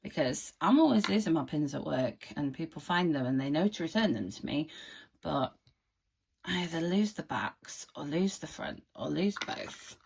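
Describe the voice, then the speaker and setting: A woman vlogger chatting casually to camera as she opens advent calendars, often breaking into drawn-out 'ooh' exclamations. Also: sits low, animated, creaky, noisy background. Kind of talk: casual vlog narration.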